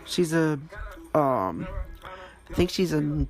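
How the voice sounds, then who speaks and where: A man telling stories in a casual monologue, blunt and swearing freely, with soft music behind him. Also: big pitch swings, takes it slowly. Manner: blunt, swears freely, wide swings in pitch. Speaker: storytelling vlogger.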